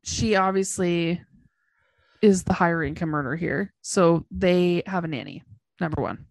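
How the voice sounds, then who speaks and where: A woman's voice: fairly low pitch, expressive, a little slow, gravelly, no echo, studio quality. A woman co-hosting a podcast, casually recapping a TV episode point by point in a chatty, emphatic way. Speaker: podcast co-host.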